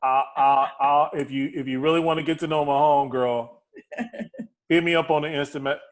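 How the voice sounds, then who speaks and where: A man's voice: a little high, fairly even intonation, fairly quick. Playful man host cutting in. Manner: playful, jumps in with loud mock warnings. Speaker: podcast host. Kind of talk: casual chat.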